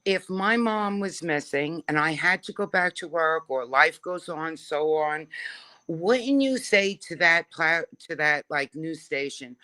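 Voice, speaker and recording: A woman's voice: low-pitched, measured pace, sharp tone. A woman calling in to a live show, asking her question in an emphatic, rambling way. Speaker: caller.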